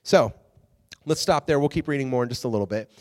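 A man casually teaching a Bible story as a preacher, animated and chatty, often restarting and checking in with his listeners. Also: mid-range voice, quick pace. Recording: long reverb in a large hall.

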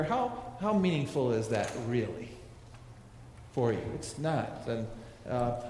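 A man's voice: a little high, darkish tone, slight background noise. Man preaching in an echoey church hall. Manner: conversational preaching, asks the congregation questions. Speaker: pastor. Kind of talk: sermon. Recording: echoey hall with long reverb.

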